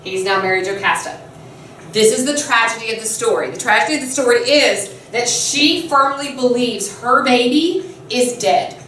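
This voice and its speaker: A woman teacher telling a myth to her class in a chatty, animated storytelling lesson, often laughing. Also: on the high side, normal speed, slight background noise. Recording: echoey room, mic far off.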